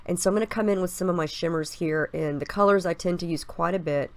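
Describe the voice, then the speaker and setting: Talking quickly in a lowish voice, a woman nursing a stuffy cold narrates her scrapbooking in a relaxed voice-over. She stays cheerful and chatty, explaining each stage as she goes.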